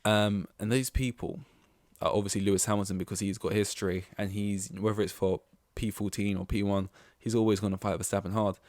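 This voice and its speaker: A young man hosting a podcast alone, talking excitedly in casual commentary, swearing freely and acting out what others said. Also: lowish voice, brisk, no room sound, studio quality. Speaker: podcast host.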